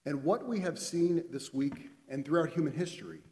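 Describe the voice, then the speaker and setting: A man giving a sermon, telling a story and acting out the characters' lines with lively expression. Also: a little high, moderate pace. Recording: long hall reverb.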